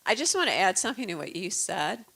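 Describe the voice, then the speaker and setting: With a noisy background behind her, a woman in her fifties from the Chicago suburbs in the United States talks as a guest author in a mid-range, creaky, sing-song voice at a quick pace. Her casual storytelling is chatty and earnest, the tone of a proud mother.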